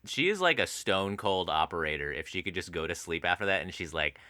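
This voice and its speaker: A man's voice: low-pitched, fairly quick, dry recording, studio quality. A man co-hosting a podcast, reviewing a film in casual chat, swearing freely and acting out scenes. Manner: animated, profane, acts out scenes. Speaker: podcast co-host.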